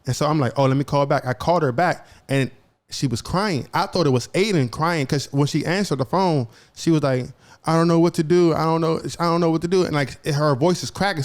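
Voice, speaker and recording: A man's voice: a little high, fairly quick. A young man co-hosting a podcast who tells a personal story in casual talk, acting out each side of the conversations and often repeating and restarting his phrases. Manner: retells events by acting out both sides of conversations. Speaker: podcast co-host.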